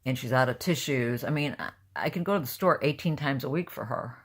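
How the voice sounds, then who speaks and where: A woman's voice: a bass voice, brisk. An older woman talking casually to camera, blunt and rambling, openly emotional. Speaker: vlogger.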